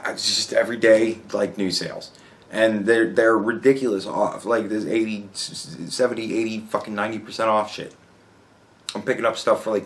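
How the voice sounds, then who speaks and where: Dude chatting on his vlog, kinda low voice, cussing and laughing as he tells stories. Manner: profane, laughs often, animated storytelling. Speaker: vlogger. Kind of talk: casual rambling vlog.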